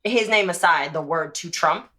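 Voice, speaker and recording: Podcast host lady, bright crisp voice, chatty and agreeable. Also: lowish voice. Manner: chatty, affirming, lots of quick agreement. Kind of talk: casual interview chat.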